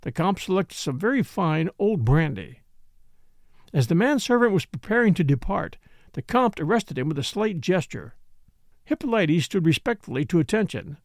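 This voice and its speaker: A male audiobook narrator with a gravelly, fry-tinged voice, reading with expressive storytelling. His pitch sits a little high and moves a great deal, in a dry, close recording. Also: moderate pace, no room sound. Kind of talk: scripted narration.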